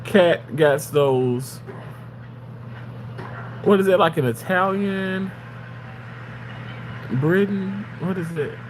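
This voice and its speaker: A man streaming live and reading his chat aloud, excitable, yelling at and pleading with chatters. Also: high-pitched, very slow, pauses often, a little hiss or hum.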